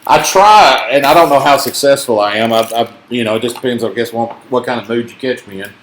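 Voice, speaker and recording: A man's voice: medium pitch, fairly quick, fairly bright tone. A man from Tennessee with a mild Southern accent, hosting a casual card-break chat and joking as he calls out each card. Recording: echoey room.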